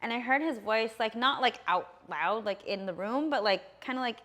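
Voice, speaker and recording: A woman's voice: a little high, animated, normal speed, fairly bright tone. A woman in her thirties telling a personal story on a casual podcast, rambling along with lots of fillers and easy laughter. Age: 30s.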